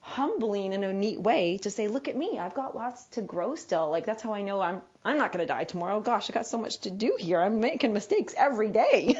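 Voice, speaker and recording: A woman's voice: mid-range voice, expressive, a little fast, darkish tone, husky. A woman guest on a spiritual radio show, chatting in a bubbly way, laughing often and acting out her own reactions. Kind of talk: casual interview chat. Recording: dull lo-fi radio audio.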